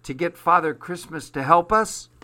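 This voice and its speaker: A man voicing a young, anxious, eager girl in a storybook reading, asking high, worried questions. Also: animated, moderate pace, bright, forceful tone.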